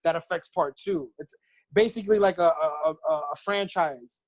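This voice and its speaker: A man co-hosting a podcast in casual chat, blunt and swearing a lot as he talks in quick bursts. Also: on the high side, no echo. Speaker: podcast co-host.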